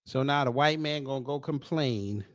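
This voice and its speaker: A man's voice: medium pitch, normal speed, no echo, studio quality. A man hosting a casual commentary show, blunt and mocking in his asides.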